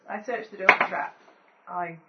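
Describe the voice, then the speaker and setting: A woman playing a tabletop game, giggly and excitable as she chats. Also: on the low side, moderate pace. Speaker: player. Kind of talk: casual game-table banter. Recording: distant echoey mic, lo-fi, loud noise.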